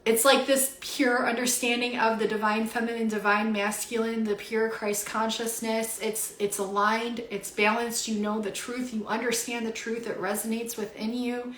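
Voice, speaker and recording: A young woman speaks a little high and keeps close to tears. She gushes through a spiritual card reading on a home livestream, with plenty of fillers. Her voice carries in a roomy, echoing room. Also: flat delivery, moderate pace, hardly any pauses, a bit bright, a little hiss or hum. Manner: gushing, filler-heavy, breathy with awe. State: teary, emotional. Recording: roomy echo.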